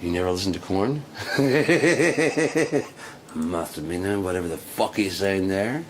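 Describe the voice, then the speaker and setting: A man's voice: low voice, animated, takes it slowly, slight background noise. A man giving casual reaction commentary on a video, rambling, giggling and swearing, with music playing in the background.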